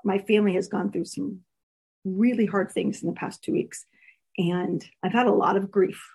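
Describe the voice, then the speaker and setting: A woman's voice: mid-range voice, steady tone, normal speed, vocal fry, darkish tone, husky. A woman coaching listeners in a casual, earnest, candid talk, laughing often. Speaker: coach teaching a course.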